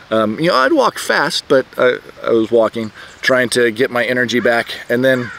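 Middle-aged man, casual self-told story, halting delivery full of restarts, mid-pitched voice, outdoors. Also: a bit bright, slight background noise. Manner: rambling, halting, many restarts and fillers. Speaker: vlogger telling a personal story. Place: outdoors, birds nearby.

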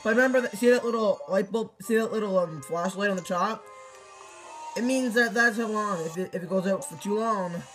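A high-pitched teenage boy talks through a game in loose, casual commentary, tripping over his words and breaking into sudden exclamations. Faint game music plays softly behind him. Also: a little fast, low-quality recording. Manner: excitable, rambling, frequent restarts and exclamations. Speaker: gameplay commentator.

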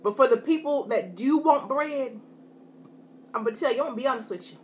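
Chatting with viewers while she eats on camera, a woman food vlogger keeps things folksy, tossing in "y'all" often during her casual mukbang. She speaks a bit fast in a high voice, with slight background noise.

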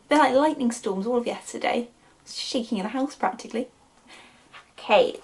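Gravelly-voiced woman teacher reading aloud. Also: on the high side. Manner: warm, expressive storytelling to children. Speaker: primary school teacher. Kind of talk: reading a children's book aloud.

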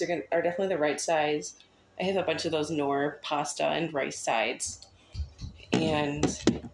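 A woman with a low, gravelly voice rambles through a casual home vlog in her kitchen. She fills her talk with ums and loose filler words. A faint hiss sits under the recording. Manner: chatty, rambling, says um and thingamajiggers. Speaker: home vlogger. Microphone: phone camera.

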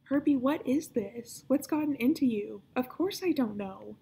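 A sharp-witted young girl in a storybook, whispering high and indignant and quick to protest, as a woman reads her. The tone is dark and gravelly. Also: animated, a little hiss or hum. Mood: urgent whisper.

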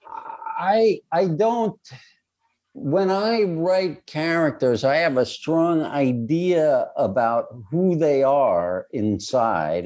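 A man, a screenwriter and director, answering interview questions in a thoughtful, reflective way, often pausing with "you know". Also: mid-range voice, a little mellow, poor audio.

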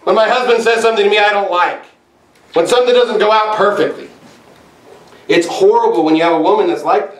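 A man preaching a sermon with force, sometimes shouting and mimicking others. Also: sits high, fairly quick, reverberant, far from the mic, low-quality recording. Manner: forceful, rising to shouts and mocking impressions. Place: church sanctuary.

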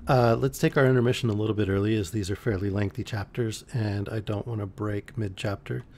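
A man reading a novel aloud on a live stream, relaxed, with the odd slip and restart. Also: fairly low pitch, brisk. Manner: relaxed, with occasional slips and restarts. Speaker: audiobook reader on a live stream. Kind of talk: reading a novel aloud, voicing characters lightly.

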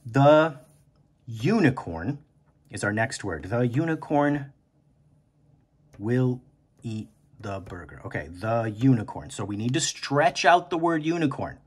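A man hosting a kindergarten writing lesson, speaking slowly and encouragingly and stretching words out aloud. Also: on the low side, expressive, breathy edge. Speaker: teacher and podcast host.

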